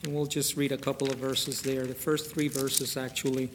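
Pastor with folksy church-hall reverb. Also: male voice, medium pitch, level tone, noisy background. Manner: folksy and chatty, reads scripture slowly and prays fervently. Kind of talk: sermon. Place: church sanctuary.

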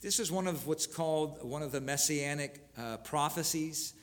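A man preaching a sermon, earnestly reading scripture aloud with pauses and restarts. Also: a little high, long reverb tail. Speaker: pastor.

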